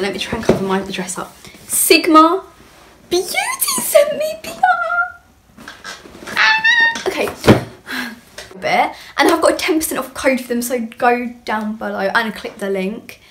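A young woman with a fairly high voice chats at a moderate pace as a beauty vlogger unboxing products, bubbly and rambling while she gushes. The recording is clear, with some background noise and clicks.

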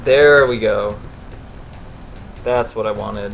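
A man's voice: on the low side, slow, gravelly. A man casually commenting on his own game stream, often breaking into exasperated swearing when things go wrong. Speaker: gamer streaming a playthrough. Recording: game music and sounds behind.

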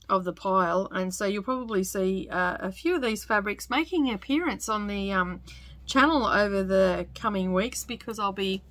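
An Australian woman in her forties, a sewing vlogger, chats casually in her home sewing studio, rambling along with lots of fillers and little laughs. Her mid-range voice is a bit bright, with no echo.

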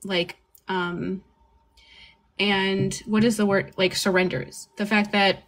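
A woman's voice: mid-range voice, flat delivery, takes it slowly, fairly bright tone. A woman co-hosting a podcast in casual chat, rambling with many fillers, laughing often and swearing freely. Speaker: podcast co-host.

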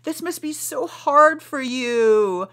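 A woman voicing a gushing, fake-sympathetic female coworker in a shrill, mock-pitying tone. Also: expressive, slow, a bit bright, exaggerated voice. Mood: fake sympathy.

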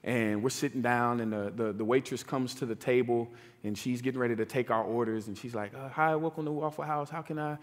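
A man's voice: mid-range voice, steady tone, a little fast. A man preaching a sermon in a conversational way, often checking in with "right?" and "like". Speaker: pastor. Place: church sanctuary. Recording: long church hall reverb.

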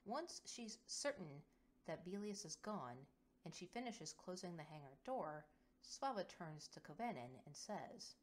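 Low-voiced woman, story narrator, measured reading. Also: big pitch swings. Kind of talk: reading audio fiction aloud.

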